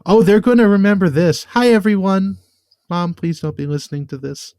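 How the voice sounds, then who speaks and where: A man co-hosting a podcast in casual chat, given to animated, exasperated rants. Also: high-pitched, fairly quick, slight background noise. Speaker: podcast co-host.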